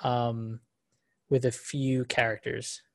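A man co-hosting a podcast, chatting casually in a relaxed way, often stumbling over the first words of his sentences. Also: mid-range voice, takes it slowly, vocal fry. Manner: relaxed, with stammered restarts. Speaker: podcast co-host. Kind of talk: casual review chat.

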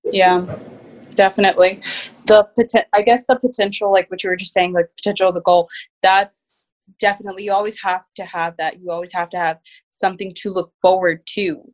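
Halting interviewer with fillers. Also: medium pitch, steady tone, rough recording. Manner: affirming, halting, filler-heavy. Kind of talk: casual interview questions.

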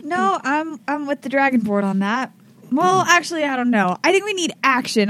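A woman player in a tabletop game, eager and excitable. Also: high voice, normal speed.

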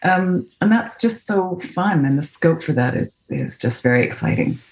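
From home over a remote video call, a Canadian voice actress with a North American accent chats as an interview guest, thoughtful but full of fillers and restarts. Her voice is fairly low and darkish in tone, animated, at a moderate pace.

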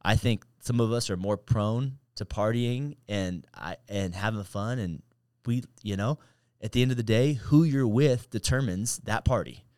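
A man's voice: lowish voice, moderate pace, a little mellow, clear, resonant tone, dry recording. Man preaching casually on a podcast. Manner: preachy, repeats himself, quotes scripture. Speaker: podcast co-host. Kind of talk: casual faith talk.

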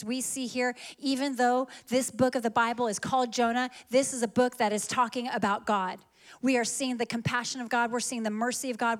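A woman preaching a sermon, retelling a story in a lively way and acting out the characters' lines. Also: a little high.

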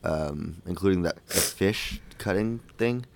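Deep-voiced joking podcast co-host man. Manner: rambling, joking, halting with fillers. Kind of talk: casual movie podcast chat.

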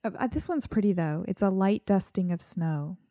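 A woman co-hosting a podcast in casual banter, playful but quick to defend herself when teased. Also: medium pitch, expressive, dark tone, dry recording, studio quality. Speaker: podcast co-host.

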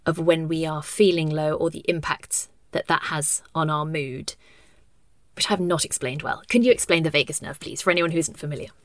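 Gentle woman interviewer, dry close sound. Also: sits low, no room sound. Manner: gentle, encouraging, measured questions. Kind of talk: conversational interview.

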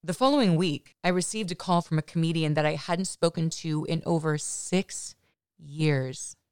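A woman's voice: sits low, normal speed, a little mellow, smooth, no room sound, studio quality. A woman podcast host telling a personal story in a candid, chatty way, often adding "you know" asides.

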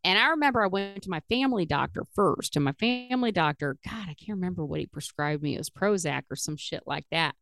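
Middle-aged woman, podcast host, lower voice with lively swings, profane and laughing, dry close mic. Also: fast, creaky, few pauses, no echo. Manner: profane, animated, laughing while she talks. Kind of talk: casual storytelling chat.

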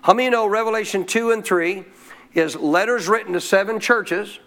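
High-voiced pastor preaching to a congregation. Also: male voice, normal speed, a bit bright. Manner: calls out questions to the congregation. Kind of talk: sermon. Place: church.

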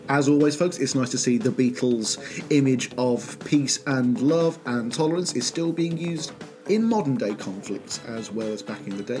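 A man's voice: mid-range voice, darkish tone. A man hosting a podcast, chatting casually with a guest and then reading news items in a rambling, friendly way. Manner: chatty, rambling, restarts, laughs often. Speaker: podcast host.

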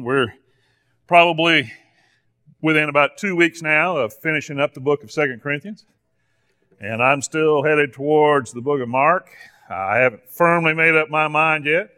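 A man's voice: fairly high pitch, pushed and bright. A man teaching a Bible class at church in a folksy, teasing way, recorded in the church hall. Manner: folksy, playful sarcasm with the class.

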